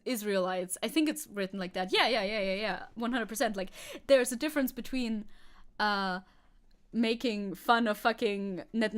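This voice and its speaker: Opinionated woman streamer, high-pitched. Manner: opinionated, swears casually, laughs often. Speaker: VTuber streamer. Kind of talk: casual chat reading news and chat.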